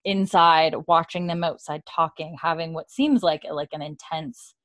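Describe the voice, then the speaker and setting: A chatty young woman talks through a show's episode in a relaxed, casual way. She slips into the characters' lines with a lifted voice, and her own voice sits fairly low for a woman. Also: moderate pace. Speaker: podcast host recapping a TV episode. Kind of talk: casual chat recap. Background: dog heard at times.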